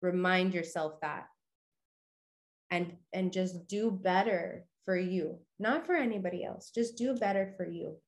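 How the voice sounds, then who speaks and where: A woman's voice: on the low side, measured pace. A young woman hosting a podcast, giving a casual motivational monologue in a chatty, upbeat way full of "you know" and "okay". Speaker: podcast host.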